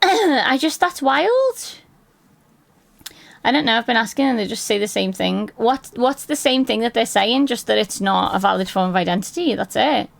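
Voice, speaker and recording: Chatty streamer woman with a gravelly voice. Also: on the high side, animated, normal speed. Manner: chatty, swears casually, answers chat aloud. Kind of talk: casual livestream chat with viewers.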